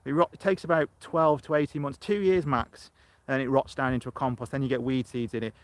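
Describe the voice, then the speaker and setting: A man's voice: medium pitch, steady tone, a little fast, no room sound. Chatty middle-aged man live on his allotment. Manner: rambling, chatty, answers viewer comments. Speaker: allotment vlogger. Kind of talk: live-streamed casual chat. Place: outdoors on an allotment. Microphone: phone camera.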